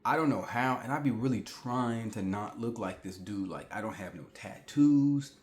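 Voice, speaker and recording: A man's voice: on the low side, animated, normal speed. A man in his forties telling a story to the camera at home in a chatty way, repeating himself and talking straight to the viewers. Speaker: vlogger. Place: indoors at home. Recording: echoey room.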